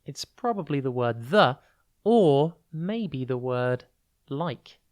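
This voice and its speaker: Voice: medium pitch, expressive, a little mellow. Tutor spelling out vocabulary. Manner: clear, deliberate explaining, spells words out letter by letter; stretches key words to show stress. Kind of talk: podcast vocabulary lesson.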